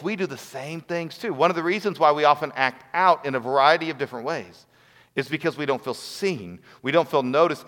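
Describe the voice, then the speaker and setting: A man's voice: fairly high pitch, fairly bright tone. A man giving a sermon as a pastor, earnest and storytelling. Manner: earnest, storytelling with acted quotes. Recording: long hall reverb.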